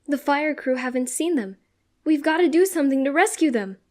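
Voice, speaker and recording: Woman playing a flustered boy hero in a girl's body: raised pitch, loud, anxious. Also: sing-song, normal speed. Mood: alarmed, yelling.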